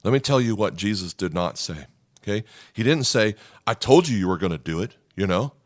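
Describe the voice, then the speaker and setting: A man's voice: on the low side, lively intonation, fairly quick, dry recording, clean studio sound. A man preaching a sermon in an earnest way, repeating key lines and acting out quoted prayers. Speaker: pastor.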